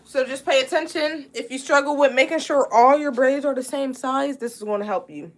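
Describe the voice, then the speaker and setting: A woman's voice: high voice, brisk. A young woman hosting a casual braiding livestream, chatting loosely, greeting viewers in the chat and eating candy as she talks. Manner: chatty, greets viewers by name, eats candy while talking.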